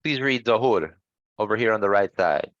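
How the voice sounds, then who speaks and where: Patient male English teacher, lively pitch. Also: moderate pace, no room sound, highs cut off. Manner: patient, encouraging, corrects grammar gently. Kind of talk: online language lesson.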